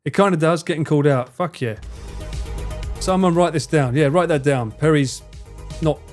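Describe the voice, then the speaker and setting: A young man with a London accent chatting casually on a live stream, animated and bantering, swearing freely. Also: a little high, normal speed, soft background music. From England.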